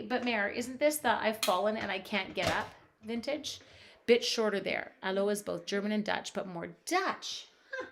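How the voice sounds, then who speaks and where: A woman's voice: mid-range voice, noisy background. A woman chatting casually while demonstrating crafts at her home desk on a live stream, reading out viewers' comments and talking to her supplies.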